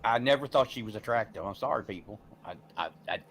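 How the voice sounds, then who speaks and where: A man's voice: fairly low pitch, expressive, quick pace, a bit bright, slight background noise. A man chatting casually with friends, sharing movie trivia and laughing at his own impressions. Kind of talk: casual chat.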